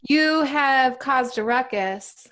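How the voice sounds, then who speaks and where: A woman's voice: high voice, fairly bright tone. A woman from South Dakota, a guest on a podcast, teasing the host in playful joking banter. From South Dakota, United States. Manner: playful teasing, drawn-out delivery.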